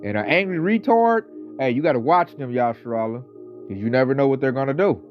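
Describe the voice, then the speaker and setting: A man delivering a casual ranting monologue, talking with animated, mocking energy and mimicking coworkers. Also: mid-range voice, fairly quick. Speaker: online commentator. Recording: slightly dull audio, faint background music.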